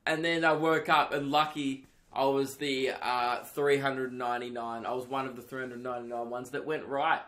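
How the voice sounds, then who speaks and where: A young man hosting a solo comedy podcast, telling a rambling, animated story full of swearing and filler words. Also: medium pitch, moderate pace, hardly any pauses.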